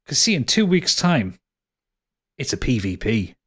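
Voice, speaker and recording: A man's voice: medium pitch, very animated, unhurried, a bit bright, breathy edge. A man as game master, wrapping up a tabletop podcast episode in rambling, upbeat casual chat. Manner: rambling, lots of restarts and laughs, upbeat.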